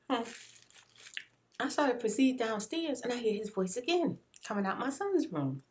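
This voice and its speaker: A woman ASMR YouTuber and mother tells an exasperated story while eating, chewing between lines in a casual, emphatic style. Her voice is fairly high and expressive, with a darkish tone and a moderate pace.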